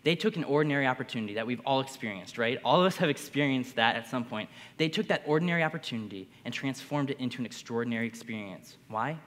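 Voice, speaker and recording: A young man telling a keynote story to a crowd, his voice surging with excitement. The sound rings with long reverb from a large hall. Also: medium pitch, quick pace, hardly any pauses. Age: young adult. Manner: energetic, builds to bursts of excitement. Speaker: conference speaker.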